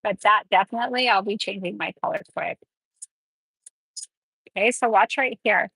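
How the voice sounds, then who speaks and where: Woman nail educator, chatty step-by-step delivery, husky tone, dry close sound. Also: mid-range voice, normal speed, pauses often, a bit bright, dry recording, poor audio. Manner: chatty, explains each step while working. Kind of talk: live nail tutorial.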